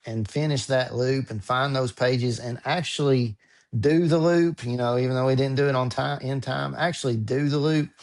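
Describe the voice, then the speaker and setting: A man speaking as a podcast guest in casual interview chat, earnest and halting, often repeating words as he searches for how to put things. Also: medium pitch.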